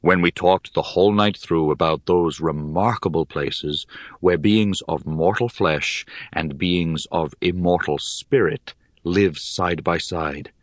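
A wise older poet and gentle mentor, put on by a male audiobook reader, speaks in a deep, unhurried voice. Every phrase is measured and solemn, and the recording is close and dry. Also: no echo. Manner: slow, measured, solemn delivery. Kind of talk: audiobook character reading.

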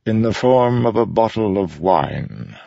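A man's voice: lowish voice, unhurried, vocal fry, no echo, lo-fi sound, voice pushed up. A man voicing a cold male law enforcer who speaks evenly and without emotion. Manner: even, flat, without emotion.

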